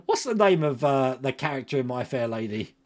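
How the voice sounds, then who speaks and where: A man's voice: mid-range voice, big pitch swings, brisk, darkish tone, slight background noise. A man, hosting a casual livestream and chatting with viewers by name, laughing often. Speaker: livestream host. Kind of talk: casual live chat reading viewer comments.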